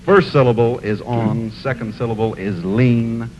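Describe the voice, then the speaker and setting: A man's voice: mid-range voice, fairly even intonation, measured pace, darkish tone, dull audio. A man hosting a game show, bantering and teasing the players. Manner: jokey, teasing. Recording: studio audience on an old TV broadcast.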